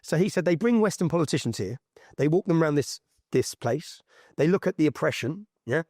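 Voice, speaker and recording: Lively man telling a story. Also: on the high side, fairly quick, dry recording, studio quality. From England. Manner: lively, repeats himself, quotes people in his stories. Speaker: interview guest. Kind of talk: animated anecdotal storytelling.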